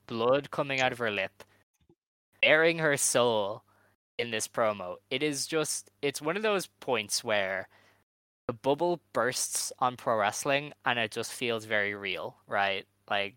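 A man's voice: mid-range voice, sharp tone, clear, resonant tone, no room sound. A man co-hosting a casual chat, talking thoughtfully and reading quotes aloud with fillers. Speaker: podcast co-host. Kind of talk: casual chat about pro wrestling.

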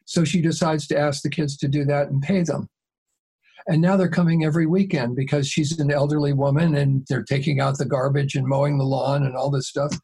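Husky-voiced man telling a story calmly. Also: a little high, a little fast. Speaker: mediator and interview guest. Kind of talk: storytelling in a conversational interview.

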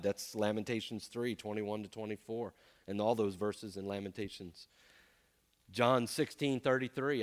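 Emphatic preacher in a reverberant hall. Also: male voice, fairly low pitch. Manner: emphatic, with frequent rhetorical "right?". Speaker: pastor. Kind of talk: sermon.

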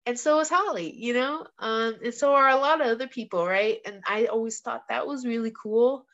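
Guesting on a podcast, this young professional fighter speaks at a moderate pace in a fairly bright, somewhat high voice. It's a casual interview, and her storytelling is frank and lively, full of "like" with the occasional curse word. The sound is a little muffled and lo-fi.

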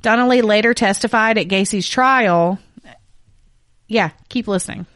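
This true crime co-host reads case details at a moderate pace in a mid-range, somewhat bright voice, cutting in with frank, profane remarks. The recording is dry and of studio quality.

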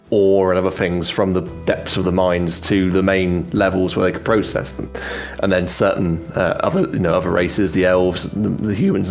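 A man's voice: low-pitched, vocal fry. A man narrating as game master of a tabletop game, rambling with many fillers and restarts.

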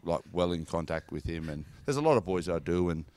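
An Australian man in his thirties telling stories from his football career in a relaxed, rambling podcast chat. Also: low-pitched, brisk. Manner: laid-back storytelling, lots of "like" and "mate". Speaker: former professional footballer guest.

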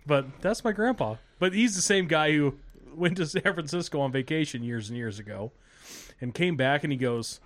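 A lively-voiced man hosting a podcast. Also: a little high, normal speed, a little hiss or hum. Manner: laughing, crude joking anecdotes. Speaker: podcast host. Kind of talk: casual podcast chat.

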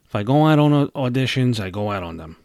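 A man's voice: mid-range voice, lively intonation, quick pace, gravelly, darkish tone, no echo, studio quality. A young man hosting his own podcast, venting in a casual, heated, profanity-laden rant. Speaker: podcast host.

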